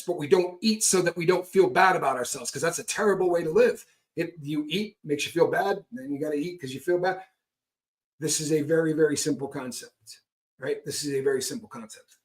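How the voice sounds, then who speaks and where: Middle-aged man, slightly high voice, blunt and emphatic, conversational guest. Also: fairly bright tone. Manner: frank, emphatic, repeats points with "right?". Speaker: guest speaker on recovery. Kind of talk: candid conversational talk.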